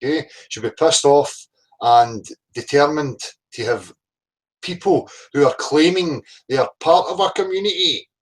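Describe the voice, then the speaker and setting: A man's voice: fairly high pitch, a little slow, low-quality recording. A man hosting a casual livestream, blunt and sweary, greeting chat viewers by name. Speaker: livestream host.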